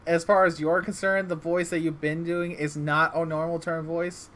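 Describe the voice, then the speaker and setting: A man acting as game master in a casual online role-play session, talking in a halting way with many restarts. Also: a little high, flat delivery, fairly bright tone, slight background noise. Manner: halting, full of restarts and ums. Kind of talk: casual chat over voice call.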